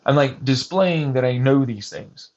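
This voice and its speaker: An unhurried man with a mid-range, darkish voice vlogs from a hiking trail, captured on muffled lo-fi audio. He meanders through a personal story, cursing heavily and frequently starting his sentences over.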